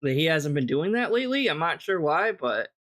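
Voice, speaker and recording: A man's voice: on the high side, very animated, a little fast, fairly bright tone. A man streaming a reaction to a video, talking casually, bluntly and mockingly, swearing often.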